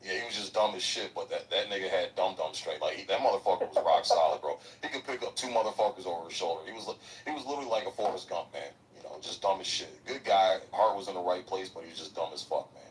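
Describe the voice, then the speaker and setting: A man's voice: low-pitched, distant mic, low-quality recording. A man, a military veteran guest, tells loose, profane stories from training in a slangy, meandering way. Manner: loose, swearing, slangy, drawn-out anecdotes. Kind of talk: casual profane storytelling.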